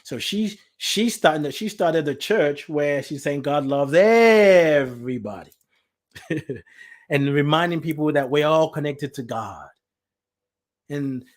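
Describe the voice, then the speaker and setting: Guy on a spiritual podcast talking from the heart, kinda high voice, gets emotional and says things twice. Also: expressive, slow. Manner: heartfelt, emotional, repeats himself; reads out listener comments. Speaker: podcast host. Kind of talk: emotional spiritual talk show monologue.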